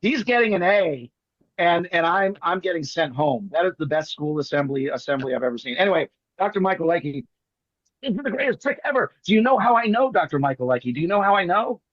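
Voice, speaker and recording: A man performing as a magician, telling jokey stories in quick comic patter over a video call. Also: high voice, expressive, fairly bright tone, no room sound, highs cut off. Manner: rapid joking storyteller, playful teasing. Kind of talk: comic patter on an online show.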